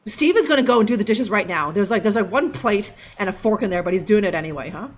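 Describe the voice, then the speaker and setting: A woman's voice: medium pitch, animated, fast. A young woman streaming a game live, joking and rambling with lots of fillers. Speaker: livestream gamer. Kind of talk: casual live gameplay commentary.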